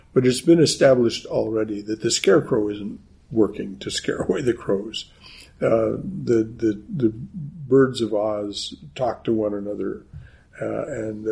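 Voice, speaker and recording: A man reading from a storybook and explaining its hidden meaning in a thoughtful, halting way. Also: fairly low pitch, gravelly, a little mellow, slightly rough, rough recording. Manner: thoughtful, with frequent fillers and restarts. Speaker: teacher. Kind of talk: reading and commenting on a book.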